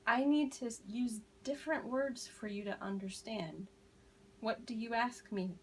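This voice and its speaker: Slow-speaking woman teaching a class. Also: on the high side, a little hiss or hum, poor audio. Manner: slow, deliberate modeling of phrases, encouraging praise. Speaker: ESL teacher.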